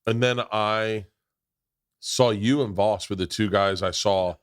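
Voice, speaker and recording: A podcast host in casual chat, bantering in a loose, excitable, profane way. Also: male voice, fairly low pitch, slow, smooth, no room sound, studio quality.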